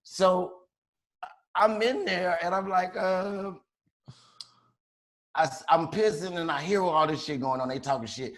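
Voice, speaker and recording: A man's voice: sits high, measured pace, long pauses. A man from Chicago telling a wild story on a podcast in a loose, profane, slangy way, laughing as he goes. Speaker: podcast co-host. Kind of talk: casual storytelling.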